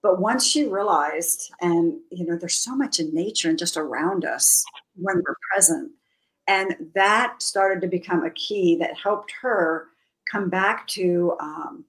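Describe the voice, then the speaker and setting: Lower-voiced woman guest telling a story. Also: rough recording. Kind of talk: casual interview chat.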